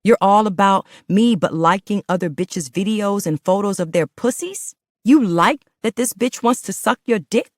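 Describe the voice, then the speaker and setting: A woman's voice: mid-range voice, expressive, moderate pace, hardly any pauses, no room sound, studio quality, pitched above the performer's own voice, natural voice. A woman voicing a furious, sobbing young woman screaming at her lover. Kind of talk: audiobook dialogue.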